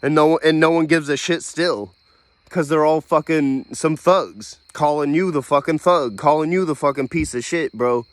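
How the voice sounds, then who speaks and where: A man's voice: a little high, moderate pace, no room sound. A young man from the United States in an angry, profane monologue, bitter and laughing between his points.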